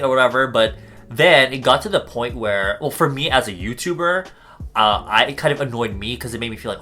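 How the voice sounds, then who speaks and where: A man's voice: mid-range voice, lively intonation, a little fast, sharp tone, faint music behind. A young American man answering viewer questions in a casual vlog. He swears a lot and rambles off on tangents. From United States.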